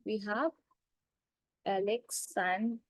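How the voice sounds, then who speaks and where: A woman teaching literature terms, repeating each point slowly and checking with "right?" and "clear?". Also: medium pitch, steady tone, dry recording, poor audio. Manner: slow, repetitive, checks understanding with "right?" and "clear?". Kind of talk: classroom lecture.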